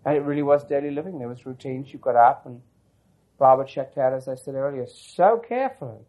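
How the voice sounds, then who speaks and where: A man's voice: mid-range voice, a little fast, narrow, tinny audio. Man rambling through a reflective memory. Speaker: interviewee. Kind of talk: oral history storytelling.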